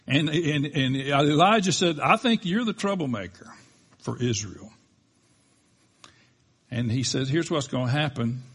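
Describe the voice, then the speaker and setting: A man preaching a sermon as a pastor, telling the story with animated delivery and acting out the quoted lines. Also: fairly high pitch, slow, long pauses, husky.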